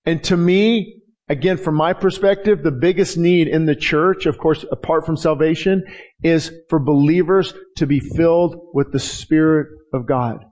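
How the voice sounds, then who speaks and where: A man's voice: on the high side, moderate pace, a little mellow. Passionate male pastor preaching. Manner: passionate, with dramatic quoted prayers and frequent restarts. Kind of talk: sermon.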